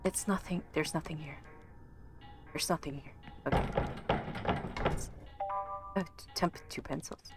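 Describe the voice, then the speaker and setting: Low-voiced woman commenting on a game. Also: loud music behind the voice. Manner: chatty, thinking aloud, quick exclamations. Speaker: streamer. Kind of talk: casual gameplay commentary.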